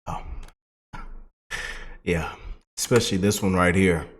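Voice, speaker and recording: A man with a somewhat low voice runs his own commentary show. He talks loosely and gets animated, slipping into mockery as he reacts to clips. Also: measured pace, slight background noise. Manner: animated, excitable, mocking. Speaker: online political commentator. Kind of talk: casual political commentary.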